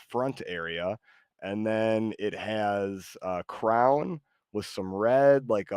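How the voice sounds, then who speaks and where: Low-voiced rambling American streamer man. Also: darkish tone, no room sound, clean studio sound. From United States. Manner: hesitant, rambling, reads chat aloud. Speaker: streamer host. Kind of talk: casual live-stream chat.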